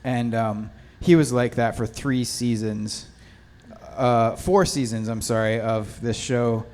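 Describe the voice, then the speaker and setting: A man from a film lighting crew speaking on a festival panel, relaxed and halting, with many fillers. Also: mid-range voice. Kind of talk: casual panel storytelling.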